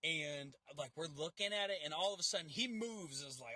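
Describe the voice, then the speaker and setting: A man's voice: on the high side, animated, brisk, few pauses, sharp tone, husky. A man with a Southern US accent, co-hosting a casual chat and animatedly acting out quotes as he tells stories. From Southern United States. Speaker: haunt reviewer co-host.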